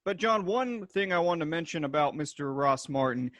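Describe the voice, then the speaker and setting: A man's voice: on the high side, lively intonation, moderate pace, fairly bright tone, dry recording. A man co-hosting a podcast, listing facts in an eager, chatty way. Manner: enthusiastic, list-like delivery. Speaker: podcast co-host. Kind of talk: casual chat.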